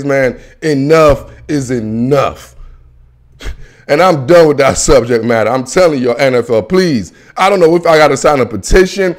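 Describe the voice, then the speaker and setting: Young male sports host, high-pitched, slangy, animated ranter. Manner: animated, ranting and pleading, slangy with frequent "man" and "bro"; bursts into shouts and laughs. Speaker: host of a football show. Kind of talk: casual solo sports commentary.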